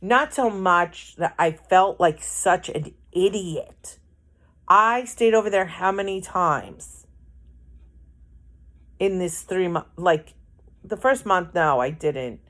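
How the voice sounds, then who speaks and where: A woman's voice: on the low side, takes it slowly, a bit bright. A woman telling a personal story in an emotional, rambling way, full of restarts and repeated words.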